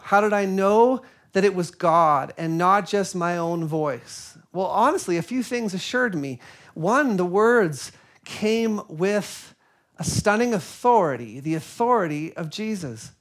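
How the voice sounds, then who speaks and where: A male pastor delivers a sermon in an earnest, reflective way. His voice sits fairly high, and he takes his time, speaking slowly and softly as he tells a personal story.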